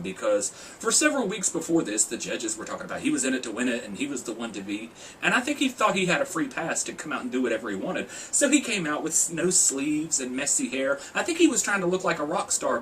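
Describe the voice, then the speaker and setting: A man's voice: medium pitch, a bit bright, far from the mic, a little hiss or hum, low-quality recording. A man talking casually as a video blogger, joking and sarcastic, often laughing. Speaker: video blogger reviewing a TV singing contest. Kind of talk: casual chat.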